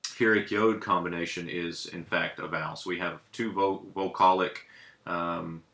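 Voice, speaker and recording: Male teacher, low voice with a bright edge, halting and full of fillers, echoey room. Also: fairly even intonation, creaky. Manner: hesitant, many ums and uhs while writing. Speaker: Hebrew teacher. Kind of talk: casual classroom lesson.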